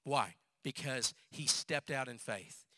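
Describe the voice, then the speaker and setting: Bright, intense male pastor preaching. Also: mid-range voice, takes it slowly, dry recording. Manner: animated storyteller, repeats phrases for emphasis. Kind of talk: sermon.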